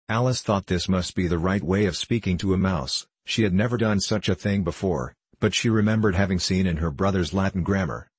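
A man narrating a storybook in a measured, even way. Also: low-pitched, breathy edge, no room sound. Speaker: audiobook narrator.

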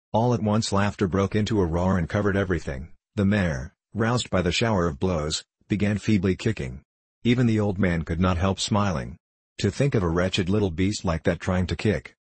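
A man narrating a classic novel in a measured, steady storytelling voice. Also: deep voice, breathy edge, no room sound. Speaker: audiobook narrator.

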